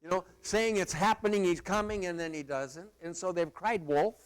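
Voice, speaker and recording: A man's voice: sits high, normal speed. A middle-aged male pastor preaching a sermon in a conversational, emphatic way with playful asides.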